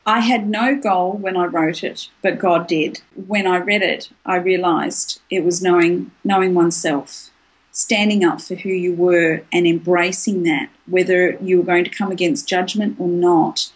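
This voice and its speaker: A woman with a husky, breathy voice, pitched a little low. She speaks frankly and at length as an interview guest, telling her story with frequent laughter. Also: fairly even intonation, unhurried, poor audio. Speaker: author and clairvoyant guest. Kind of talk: candid personal storytelling in an interview.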